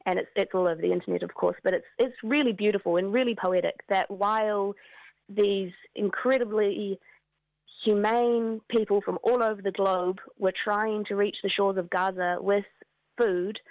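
Gravelly New woman, earnest. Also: mid-range voice, steady tone, darkish tone, no echo. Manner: earnest, halting with many restarts. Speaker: activist interviewee. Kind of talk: remote news interview. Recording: dull lo-fi dry sound.

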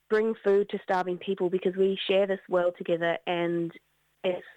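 A woman, giving an earnest, halting news interview as an activist, with many restarts. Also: fairly low pitch, flat delivery, no echo. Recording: dull lo-fi dry sound.

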